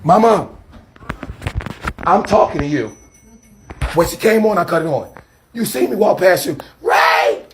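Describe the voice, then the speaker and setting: Agitated street preacher filming himself. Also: male voice, sits high, animated, slight background noise. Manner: agitated and defensive, talks fast over others. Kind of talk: heated self-filmed confrontation. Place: outdoors by a church. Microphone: handheld phone camera.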